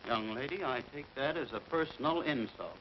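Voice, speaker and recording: A man's voice: mid-range voice, normal speed, close to an everyday voice. An actor playing a stubborn middle-aged family man who blusters and fusses in comic exasperation, in a 1940s film. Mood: flustered. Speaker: father and husband. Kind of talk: 1940s film comedy acting. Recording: dull 1940s film soundtrack with faint hiss.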